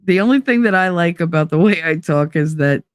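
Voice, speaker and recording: A woman with a New Jersey accent hosts a live stream, chatting casually and reading viewer comments with very animated, emphatic inflection. Her voice is fairly low and fairly quick, recorded in studio quality with no room sound.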